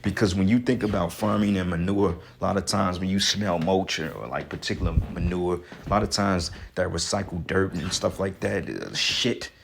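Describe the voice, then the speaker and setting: A man's voice: deep voice, moderate pace, creaky, few pauses, slight background noise. A man with a congested voice giving casual, heated religious talk, profane and ranting, with scripture readings between. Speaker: religious commentator.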